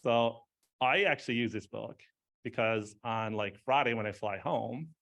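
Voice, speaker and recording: A man's voice: mid-range voice, measured pace, vocal fry, a bit bright. A man giving an informal speech at an award ceremony, rambling, with many fillers and frequent laughs.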